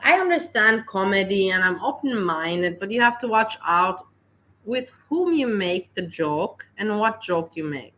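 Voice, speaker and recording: A woman with a bright voice hosts a livestream and gives casual reaction commentary on videos. She talks earnestly and says the same point more than once. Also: medium pitch, lively intonation, measured pace. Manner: earnest, repeats herself. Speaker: livestream host.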